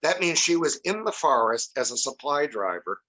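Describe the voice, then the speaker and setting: A man's voice: fairly high pitch, big pitch swings, moderate pace, bright, forceful tone, rough recording. A man in his sixties, a podcast guest, talking in a rambling way full of restarts and asides. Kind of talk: casual chat.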